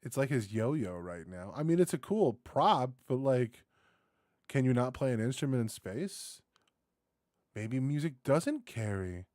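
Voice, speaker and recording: A man doing casual reaction commentary, rambling and excitable, swearing freely and tossing in dude and bro. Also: medium pitch, measured pace, dry recording, clean studio sound. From United States. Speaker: reaction video host.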